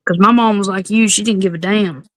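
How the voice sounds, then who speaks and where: A woman's voice: mid-range voice, fairly even intonation, a little fast. A woman, a guest on a casual livestream, talking candidly and confiding about her family.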